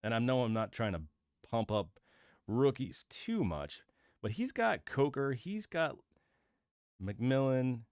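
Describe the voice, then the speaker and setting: A man hosting his own channel, giving opinionated casual commentary and thinking out loud with fillers and restarts. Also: mid-range voice, big pitch swings, slow pace, long pauses, smooth, no room sound, studio quality. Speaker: host of a football channel.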